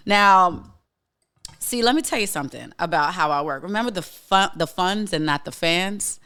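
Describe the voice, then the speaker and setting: Blunt, emphatic man with a smooth voice. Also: high voice, lively intonation, moderate pace, pushed and bright. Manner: frequent restarts and filler words. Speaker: podcast host. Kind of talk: casual monologue podcast.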